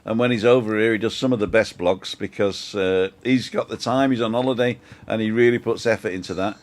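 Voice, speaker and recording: A man's voice: lowish voice, steady tone, a little fast. A man hosting a casual live-stream chat, jokey and chatty, reading out viewer comments. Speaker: host.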